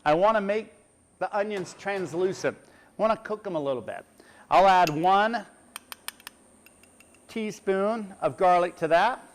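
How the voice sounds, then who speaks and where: A man's voice: high-pitched, animated, measured pace, pauses often. A middle-aged man, a chef, giving a chatty cooking demonstration and explaining each step as he works. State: teary from onions.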